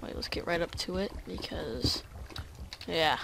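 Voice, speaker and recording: A let's play gamer chatting casually and excitably through each move of the game. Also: medium pitch, unhurried, gravelly, background noise. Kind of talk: casual gameplay commentary.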